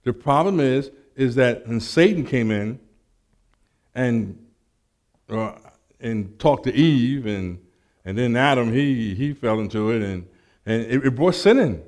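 A man preaching a sermon and telling a personal testimony, animated and acting out the dialogue, with frequent stammered restarts. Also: medium pitch, a little slow, pauses often.

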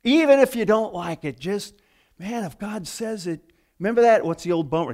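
A man's voice: sits high, very animated, moderate pace, darkish tone. A male pastor giving a conversational sermon, telling stories and acting out the voices of people in them. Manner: storytelling, acting out quoted voices.

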